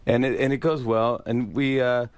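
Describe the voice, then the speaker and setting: A man's voice: medium pitch, moderate pace, smooth, no room sound. A man, a guest on a radio show, telling a story and acting out the lines of the people in it. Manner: animated storyteller who acts out the dialogue. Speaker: talk show host guest. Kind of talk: telling an anecdote on a radio interview.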